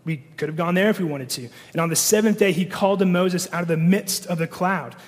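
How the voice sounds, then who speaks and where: Pastor guy preaching, kinda high voice, lots of ums and restarts, echoey hall. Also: a little fast. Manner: conversational, many fillers and restarts. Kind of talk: sermon.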